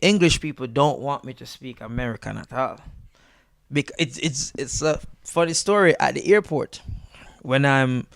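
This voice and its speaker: Gravelly Jamaican comedian, lively and switching accents. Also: medium pitch, moderate pace, no room sound, studio quality. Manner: animated, switches between accents, laughs often. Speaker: comedian guest. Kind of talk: casual interview chat.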